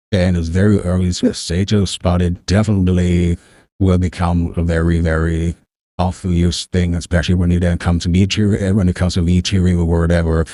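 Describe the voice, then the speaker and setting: A man streaming casually, talking haltingly with many fillers and restarts, his voice run through an AI voice changer. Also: sits low, dark tone. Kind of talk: casual livestream chat.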